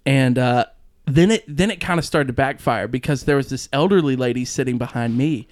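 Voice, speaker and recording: A young man tells a funny story in an easy, animated way, laughing between lines. The sound is dry and close, with no room around him. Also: medium pitch, fairly quick, no echo. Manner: animated, laughs often, acts out quoted voices. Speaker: guest telling a childhood story. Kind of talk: casual storytelling chat.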